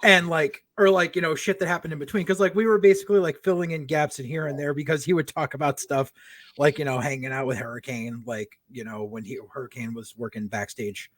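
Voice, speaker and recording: A middle-aged podcast co-host tells long, rambling, profanity-filled stories, slipping into voices for the people he quotes. His voice is a little high and fairly bright, with fairly even intonation and a slightly fast pace. The recording has no room sound, and the feel is casual storytelling chat.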